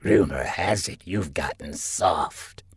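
A man voicing a suspicious male reptilian alien officer in an audiobook, speaking slowly in a hushed, hissing way. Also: a bass voice, husky, dry recording, studio quality, pitched below the performer's own voice, heavily acted. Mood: cold, suspicious. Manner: slow, hushed, hissing delivery.

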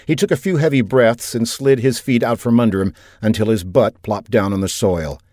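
A man narrating a science fiction audiobook in a steady, even storytelling manner on a close mic. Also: fairly low pitch, moderate pace, no room sound. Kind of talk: scripted narration.

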